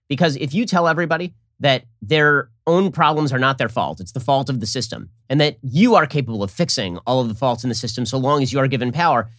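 A man hosting a podcast interview, with a rapid, argumentative delivery. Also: medium pitch, a bit bright, dry recording, clean studio sound. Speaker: podcast host.

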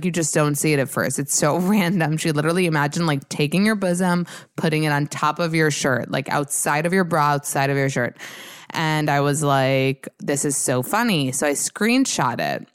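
Low-voiced, smooth-toned woman ranting. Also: no echo, studio quality. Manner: chatty, swearing, self-mocking, animated storytelling. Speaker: podcast host. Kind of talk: casual solo rant.

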